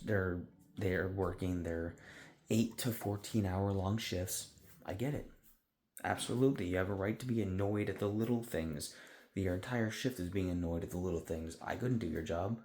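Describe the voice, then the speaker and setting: A man's voice: deep voice, darkish tone, slight background noise. A man venting in a rambling, exasperated, profane way in a casual monologue. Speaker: vlogger.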